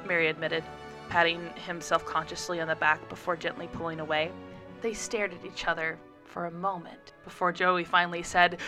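Woman guest reader, expressive storybook narration, mellow and lowish, faint music bed. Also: fairly quick. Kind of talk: audiobook-style story reading.

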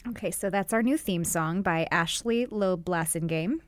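A woman's voice: fairly low pitch, moderate pace, dry recording. A woman producing a podcast, chatting in a bubbly, giggly way. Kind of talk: casual chat.

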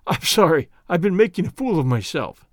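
A man voicing a shaken young gentleman engineer. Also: fairly high pitch, big pitch swings, fairly quick, no room sound, clean studio sound. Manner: polite, weary, nervous.

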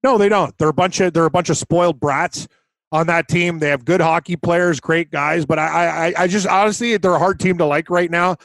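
A man's voice: fairly high pitch, steady tone, a little fast, fairly bright tone, dry recording. Fed-up male podcast co-host ranting. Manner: blunt, exasperated ranting. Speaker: podcast co-host, hockey betting. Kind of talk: casual sports betting chat.

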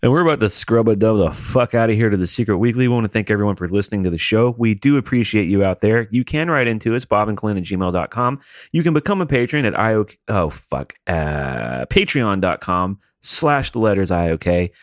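A man with a fairly low voice co-hosts a podcast, rambling through stories with plenty of casual swearing. The sound is dry and close to the mic. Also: animated, fairly quick, dry recording. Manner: swearing, loose storytelling. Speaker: podcast co-host. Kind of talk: casual banter.

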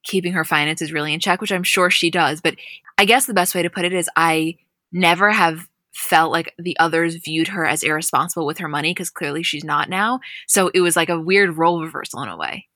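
A young woman chatting through a reality-show recap, her voice bright and a touch low, close and dry with no room sound. She tells the story in a lively, animated way, slipping into quick quoted asides. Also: no echo. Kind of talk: casual chat recap.

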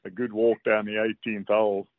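A man from South Africa with a South African accent, a golfer guest telling relaxed anecdotes with salty language on a casual interview. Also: on the low side, normal speed, no room sound. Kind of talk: casual storytelling. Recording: dry tinny phone line.

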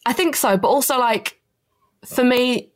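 Relaxed woman chatting as a podcast guest. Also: on the high side, a little slow, smooth. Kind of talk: casual chat.

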